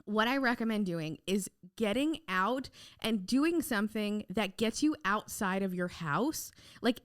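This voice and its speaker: A young adult woman guests on a podcast, speaking frankly in a casual interview with a medium-pitched voice at a slightly slow pace. She's an animated storyteller who acts out what people said, tossing in the odd casual swear word.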